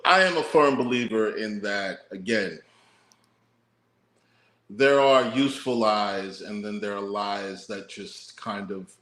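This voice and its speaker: A man's voice: on the low side, a bit bright. A man co-hosting a casual talk show, laying out his views in a laid-back, profane way. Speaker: podcast co-host. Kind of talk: casual chat. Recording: roomy echo.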